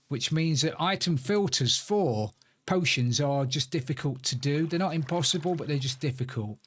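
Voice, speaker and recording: On a live game stream, a man chats casually while playing, rambling to himself and greeting viewers by name. His voice is a little high and a bit bright.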